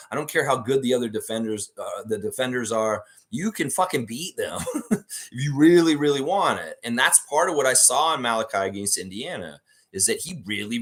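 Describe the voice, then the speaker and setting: A man hosting a live fan stream in a casual, ranting way. His pitch swings widely as he gets worked up, and he swears freely. He repeats his points and reads viewers' comments aloud. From Canada. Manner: animated, swears a lot, repeats himself, reads chat aloud. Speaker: fan show host.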